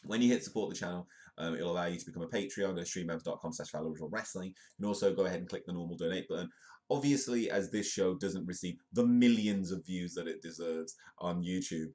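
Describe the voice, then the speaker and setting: A deep-voiced man hosting a comedic news show, his voice worn down by illness. He reads stories aloud and breaks off into rambling, wry, self-deprecating asides in a loose, casual delivery. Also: fast talker, a little mellow. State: ill, voice affected. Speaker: host of a comedic news livestream.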